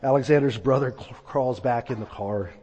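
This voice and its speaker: A man's voice: medium pitch, normal speed, darkish tone, breathy edge. A man preaching a sermon, telling a story and acting out the voices in it. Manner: storytelling, acts out quoted voices. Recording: long reverb of a large hall.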